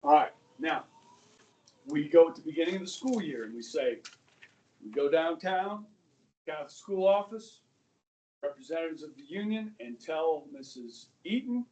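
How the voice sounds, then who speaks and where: A male high school history teacher giving an animated classroom lecture, talking straight to his students and dropping to a whisper for asides. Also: normal speed, long pauses. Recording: voice from a distance across a classroom.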